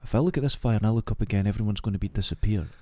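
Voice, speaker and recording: Low-voiced Scottish man telling a wild story. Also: very fast, dry recording. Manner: animated anecdote teller who acts out quoted voices. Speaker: podcast co-host. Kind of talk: casual storytelling chat.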